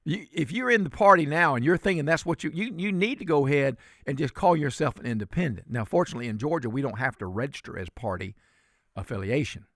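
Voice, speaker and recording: A man's voice: a little high, lively intonation, fast, a bit bright, no room sound, clean studio sound. A man, filling in as a talk radio host and delivering fiery, indignant commentary.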